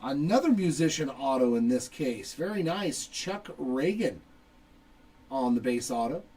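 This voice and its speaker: A man's voice: medium pitch, expressive, a little slow, mellow, breathy edge, distant mic, poor audio. A middle-aged man hosting a live card break, casually joking and calling out each card as he pulls it. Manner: joking, chatty, reads out cards as he pulls them. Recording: voice somewhat off-mic with faint background noise.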